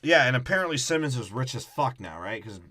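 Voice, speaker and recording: A young man co-hosting a podcast, joking crudely in casual, animated chat. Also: mid-range voice, a little fast. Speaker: podcast co-host.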